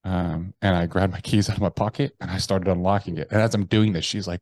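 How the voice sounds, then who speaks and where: A man, a podcast guest, telling a personal story bluntly and profanely, with halting restarts. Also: low voice, fairly even intonation, darkish tone, dry recording. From United States. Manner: blunt and profane, with slangy address.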